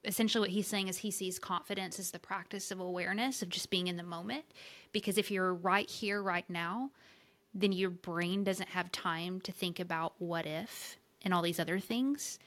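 A woman in her forties co-hosting a casual podcast chat, energetic and playful as she tells stories. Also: lowish voice, normal speed. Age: 40s. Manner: energetic, playful, animated storytelling. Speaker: podcast co-host.

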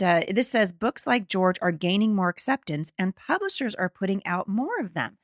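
Woman, middle-aged, podcast host, gravelly fry in the voice, dry close sound, indignant emphatic commentary. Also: mid-range voice, dry recording. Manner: indignant and emphatic, with stumbling restarts. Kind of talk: opinion commentary, reading an article aloud.

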